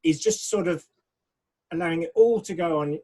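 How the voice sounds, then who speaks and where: A man with a slightly high, husky voice, speaking as a pastor in a relaxed discussion. He is thoughtful and frank, and grows animated when he mimics the people he meets. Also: moderate pace, low-quality recording. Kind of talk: casual discussion.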